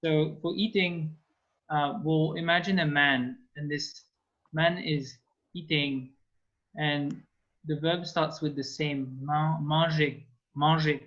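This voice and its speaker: In a video-call language class, a native French-speaking man teaches French, patiently prompting students through each step. He talks slowly with fairly even intonation in a bit bright, high-leaning voice, over dull, lo-fi call audio.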